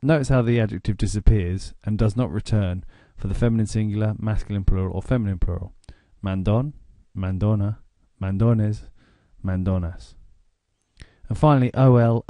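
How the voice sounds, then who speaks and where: A man with an English accent narrating a grammar lesson, explaining slowly and deliberately. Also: fairly low pitch, fairly even intonation, warm tone, no echo. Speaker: language teacher.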